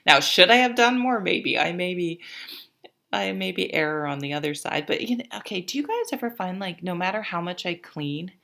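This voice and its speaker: A woman's voice: fairly low pitch, lively intonation, moderate pace, creaky, pushed and bright. A woman giving a casual, chatty tarot reading to camera, rambling and often breaking off mid-sentence. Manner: chatty, rambling, self-interrupting. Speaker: tarot reader.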